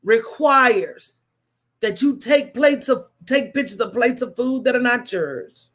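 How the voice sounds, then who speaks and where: A woman hosting a casual livestream, telling stories in an animated, preachy way with call-and-response asides to her viewers. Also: on the high side, takes it slowly. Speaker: host.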